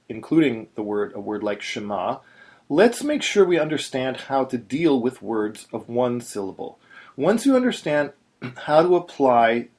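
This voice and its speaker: A man's voice: medium pitch, darkish tone. A man teaching in a patient, explanatory way, now and then breaking into short sung syllables. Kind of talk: screen-recorded tutorial.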